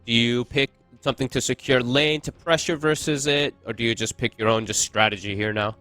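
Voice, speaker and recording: A man's voice: mid-range voice, a little fast, pushed and bright, no room sound, soft background music. A man casting an esports match, chatty and analytical, thinking aloud as he breaks down the picks. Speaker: esports caster. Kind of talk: casual esports commentary.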